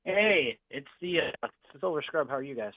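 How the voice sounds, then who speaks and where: A man's voice: fairly high pitch, lively intonation, normal speed, pushed and bright, no room sound. Male caller on a tinny phone line. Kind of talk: call-in chat.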